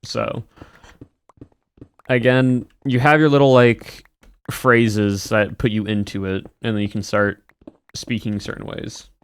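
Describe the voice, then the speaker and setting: A man with a somewhat low voice chats casually on a live stream. He rambles a little and restarts his sentences as he responds to viewers. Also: little pitch movement, takes it slowly, pauses often, clean tone, no echo, studio quality. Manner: chatty and rambling. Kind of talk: casual stream chat, answering chat.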